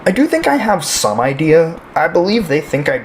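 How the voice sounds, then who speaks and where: A man's voice: fairly high pitch, big pitch swings, moderate pace, slight background noise. A man playing a quarantined patient who grows uneasy and furious, in an amateur audio drama. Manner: uneasy, then bursts into shouting rage.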